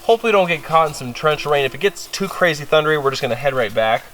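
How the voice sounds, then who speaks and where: A man's voice: a little high, rapid-fire, fairly bright tone, a little hiss or hum, poor audio. A young man chatting casually while camping in the woods, rambling and coaxing his dogs along. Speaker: outdoor vlogger. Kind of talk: casual camping vlog chat. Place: outdoors in the woods by water.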